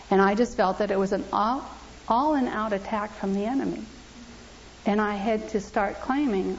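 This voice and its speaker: A woman's voice: fairly high pitch, expressive, a little slow, long pauses, darkish tone. Earnest woman preaching a testimony. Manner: earnest, emphatic, repeats scripture aloud. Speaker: church speaker giving testimony. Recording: dull lo-fi recording.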